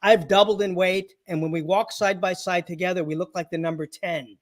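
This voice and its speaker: High-voiced joking man telling stories. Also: steady tone, a little fast. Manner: jokey anecdotes, acts out patients' voices, laughs often. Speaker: guest, chiropractor and comedian. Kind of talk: storytelling interview.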